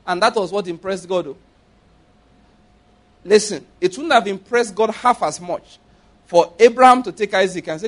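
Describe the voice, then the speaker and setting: A Nigerian man preaches in a fairly high voice. He is playful and middle-aged, and he slips into acted-out dialogue as he makes his points. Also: expressive, moderate pace, long pauses. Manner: playful, acts out dialogue, laughs often. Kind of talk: sermon with acted-out stories.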